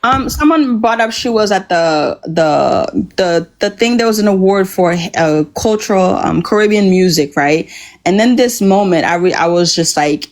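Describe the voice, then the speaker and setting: A woman on a podcast panel, talking earnestly and haltingly, with many fillers and restarts. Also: mid-range voice, lively intonation. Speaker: panel guest. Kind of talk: casual panel discussion.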